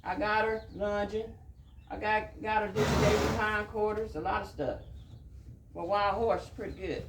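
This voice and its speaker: Soft-spoken man hushing a horse. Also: sits high, fairly even intonation, moderate pace, gravelly, reverberant, noisy background. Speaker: horse trainer. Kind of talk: casual training commentary. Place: outdoors at a horse pen with farm birds.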